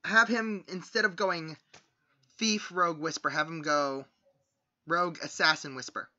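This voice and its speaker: A man in a casual podcast chat about video games, asking quick questions and pitching ideas. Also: fairly even intonation, pushed and bright. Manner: inquisitive, quick questions and suggestions. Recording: dull lo-fi mic.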